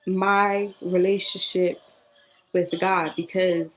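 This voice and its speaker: A young woman, talking casually and earnestly in a personal vlog. She repeats herself and sometimes drops into a soft whisper. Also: on the low side, little pitch movement, takes it slowly, a little hiss or hum, rough recording. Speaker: vlogger. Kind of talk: emotional personal vlog monologue.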